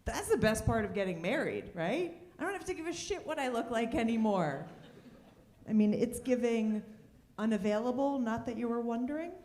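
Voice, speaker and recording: A woman performing a stand-up comedy set on a club stage, dropping wry, deadpan punchlines between lively asides. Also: a little high, normal speed, echoey room, slight background noise.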